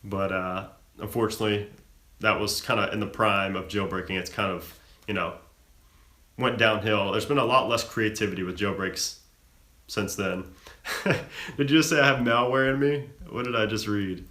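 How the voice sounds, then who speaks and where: Bright-voiced young man, echoey room. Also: fairly low pitch, normal speed. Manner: relaxed, chatty, frequent fillers and self-laughs. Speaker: live stream host. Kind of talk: casual live chat reading viewer questions.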